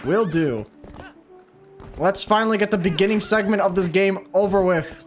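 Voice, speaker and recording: Young male let's-play host, high voice, excitable and profane, quick to laugh. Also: faint music behind. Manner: excitable, swears often, laughs a lot. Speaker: gaming channel host. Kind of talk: casual let's play commentary.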